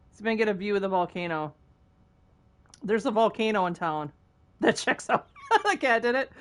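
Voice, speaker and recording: A woman's voice: mid-range voice, a bit bright. A woman game streamer chatting casually with her viewers as she plays, giggling often and teasing playfully. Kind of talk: casual chat while gaming.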